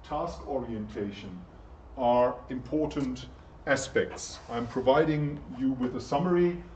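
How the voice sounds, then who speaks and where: A man lecturing a university class in a relaxed, chatty way, stopping often to put questions to the students. He sounds distant in an echoey lecture room, and the recording is dull and muffled. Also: mid-range voice, measured pace, slight background noise. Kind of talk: interactive lecture.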